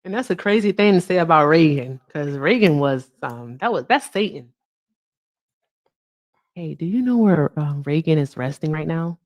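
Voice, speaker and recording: A woman's voice: low voice, animated, normal speed. A woman hosting a casual live stream, blunt and joking. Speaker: host.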